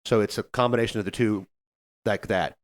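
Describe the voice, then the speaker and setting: A man co-hosting a podcast, telling a story about a difficult customer in a casual, animated way and acting out what people said. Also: lowish voice, fairly quick. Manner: animated, acts out customer quotes. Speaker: podcast co-host, server.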